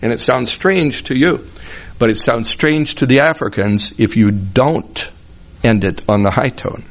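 Slow, deliberate expository Bible teaching comes from a man with a mid-range, slightly bright voice who sings out tonal words in a foreign language. The audio is dull and lo-fi.

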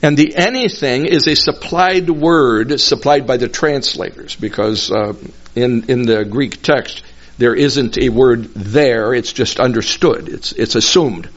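A man slowly teaching a Bible passage verse by verse, patiently explaining each phrase and repeating himself. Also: mid-range voice. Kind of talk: slow verse-by-verse Bible lesson. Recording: dull lo-fi recording.

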